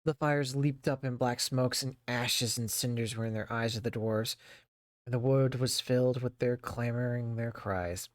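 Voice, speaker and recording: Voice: mid-range voice, steady tone, normal speed, no room sound, clean studio sound. A streamer reading a book aloud to their chat, reading steadily but stumbling over words and breaking off for playful asides. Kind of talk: casual read-aloud storytelling with chatty asides. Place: home streaming setup.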